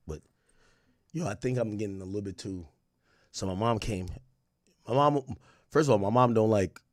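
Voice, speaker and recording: Animated man chatting to his stream. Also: lowish voice, no room sound, studio quality. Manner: animated storytelling with slang and profanity. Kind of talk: casual chat with a livestream audience.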